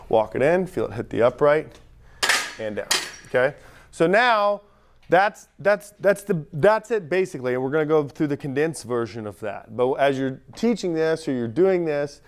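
A young man coaching lifters on a gym platform, energetic and talking straight to the group, recorded on a camera mic as he moves around. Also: on the high side, creaky. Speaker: strength coach. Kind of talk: live coaching demonstration. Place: gym platform at a lifting camp.

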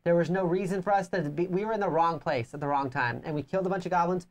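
A woman's voice: on the low side, fast talker. A woman co-hosting a crowdfunding review show, chatting casually and telling stories with lots of laughter. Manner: animated storytelling, laughs often. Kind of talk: casual chat.

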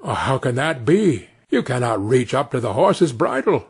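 Kind old-fashioned woodman dad read by a man, husky voice, storybook reading. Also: medium pitch, big pitch swings, unhurried, exaggerated voice. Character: kind poor woodman father.

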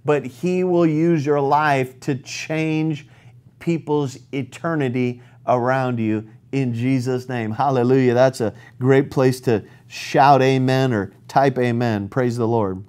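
A man's voice: mid-range voice, fairly even intonation, slow, darkish tone, clean tone. A male pastor preaching a sermon in an earnest, emphatic way, reading scripture aloud and drawing out key words.

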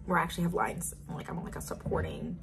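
A woman's voice: fairly low pitch, fairly even intonation, fast, vocal fry, soft background music. An eighteen-year-old woman chatting casually in a get-to-know-me vlog, bubbly and wandering off on tangents. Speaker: vlogger.

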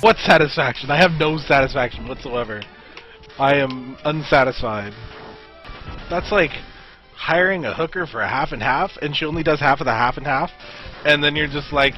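A man streaming games, telling a rambling comic rant that bursts into shouting. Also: on the high side, moderate pace, muffled recording, faint music behind. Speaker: livestream gamer. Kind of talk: comedic livestream commentary.

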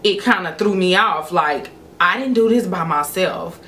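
A woman's voice: on the low side, measured pace, a bit bright, slight background noise. A woman in her thirties, a vlogger telling a personal story in a candid, emotional way.

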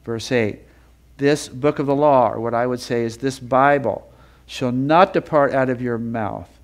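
In the middle of sermon teaching, a male Bible teacher speaks at an ordinary pitch, building feeling through repetition. His voice goes lower and slower as he reads scripture aloud.

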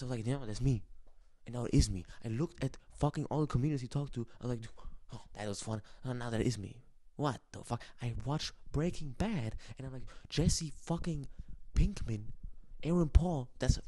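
Swaggering, profane young man with dark tone. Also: medium pitch, slightly rough, dry recording. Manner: boastful, profane, swaggering with laughs. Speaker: channel owner ranting to camera. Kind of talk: rambling boastful monologue.

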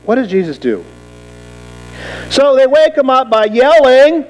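A man preaching a sermon as pastor, lively and dramatic, acting out quoted voices and asking rhetorical questions. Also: extremely high pitch, unhurried, soft background music, low-quality recording.

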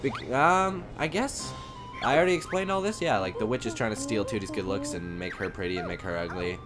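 Energetic rambling man commentating a game. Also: fairly low pitch, brisk, music in the background. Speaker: let's play host.

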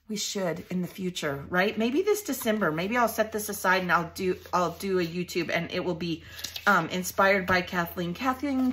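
A woman's voice: medium pitch, fairly bright tone. A woman vlogger unboxing scrapbooking supplies at her craft desk, gushing and emotional, laughing often in casual chat.

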